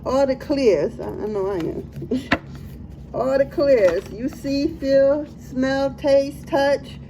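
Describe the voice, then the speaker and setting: A woman's voice: sits high, very slow, background noise. Laughing, slangy woman tarot reader. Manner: laughs often, slangy and playful. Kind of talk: casual tarot reading.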